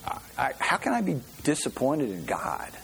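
A man's voice: a little high, wildly swooping pitch, moderate pace, creaky, a bit bright, slight background noise. A man preaching a conversational sermon, chatty, often repeating words and restarting, with easy laughs. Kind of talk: conversational sermon with personal story.

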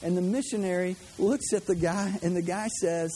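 A man delivers a sermon in a relaxed, conversational way, throwing quick asides and jokes at his listeners. His voice sits a little high but sounds warm and mellow. A faint noise runs under the recording. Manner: conversational, joking asides to the congregation. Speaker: pastor.

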